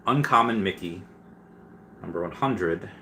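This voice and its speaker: Man, casual livestream host, deepish voice, rambling fillers, faint hiss. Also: expressive, slow pace. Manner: chatty, many fillers and restarts, reads comments aloud. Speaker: livestream host answering viewer questions.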